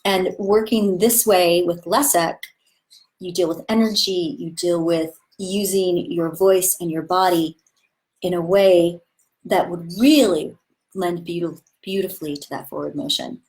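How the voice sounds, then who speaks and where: A woman's voice: lowish voice, steady tone, unhurried, a little mellow, poor audio. A woman acting teacher talking casually and with enthusiasm about voice training, demonstrating vowel sounds as she goes.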